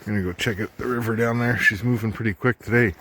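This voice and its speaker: A man's voice: fairly low pitch, fairly even intonation, quick pace, noisy background. A man, chatting casually through a winter camping vlog at a snowy riverside campsite. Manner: laid-back, chatty, jokey. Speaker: vlogger.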